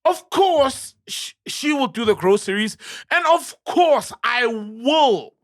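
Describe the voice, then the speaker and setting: A man's voice: extremely high pitch, animated, slow, fairly bright tone. A man with a South African accent hosting a podcast, talking animatedly in casual chat, laughing often and cutting in over the others. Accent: South African English. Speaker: podcast host.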